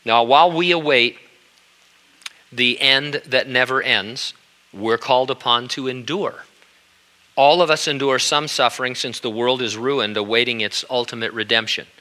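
An older pastor preaches in an earnest, conversational way, often restarting his sentences. His voice is strikingly bright and forward, and its pitch sits in an ordinary middle range. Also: normal speed. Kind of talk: sermon.

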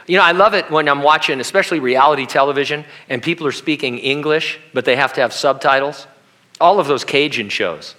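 A man preaches a sermon with a bright, forceful voice. He keeps it conversational, slipping into humorous asides and acting out the lines he quotes. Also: a little high, brisk. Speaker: pastor.

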